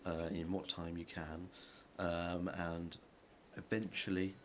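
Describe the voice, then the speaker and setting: Low-voiced man running a tabletop game. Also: takes it slowly. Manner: relaxed, casual, with frequent fillers. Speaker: game master. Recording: audible background noise.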